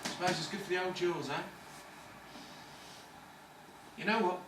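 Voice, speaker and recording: A man's voice: high voice, fast, lightly acted. An actor playing a cynical, swaggering ladies' man in a hospital ward, lecturing in slang. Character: cocky London ladies' man, cynical patient. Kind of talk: amateur stage-style film acting. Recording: echoey room, distant mic, faint noise.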